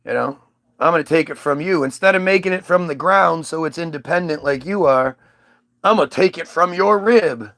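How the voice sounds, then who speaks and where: A man's voice: a little high, normal speed, fairly bright tone, no room sound, studio quality. A man voicing God as a casual, matter-of-fact man explaining a plan. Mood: offhand. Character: offhand casual male God.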